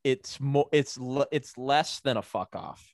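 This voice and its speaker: A man who rambles in casual chat, stopping and restarting, his speech full of fillers. His pitch is average and the sound is dry and close. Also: measured pace, no echo.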